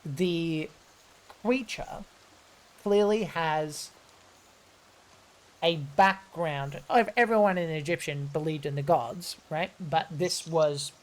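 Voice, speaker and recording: A woman running a tabletop game as game master, narrating in a relaxed, hesitant way with many ums. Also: low voice.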